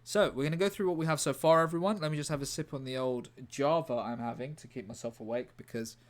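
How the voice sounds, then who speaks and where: Guy livestreaming, rambly and deadpan, keeps cutting himself off to answer chat. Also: mid-range voice, quick pace. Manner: rambling, deadpan, self-interrupting.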